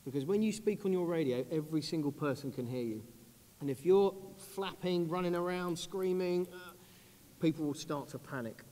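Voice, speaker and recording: British officer, 30s, earnest panel speaker, slightly high voice, long hall reverb. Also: male voice. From United Kingdom. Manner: earnest, measured, drops low and quiet on grave points. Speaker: army officer on a conference panel. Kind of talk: panel talk. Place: large conference hall.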